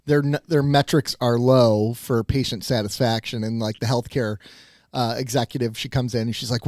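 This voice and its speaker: A man's voice: medium pitch, moderate pace, dry recording, clean studio sound. A man co-hosting a podcast, casually retelling a TV episode's plot and acting out the characters' lines as he goes. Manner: animated, acts out quoted lines in the retelling. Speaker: podcast co-host.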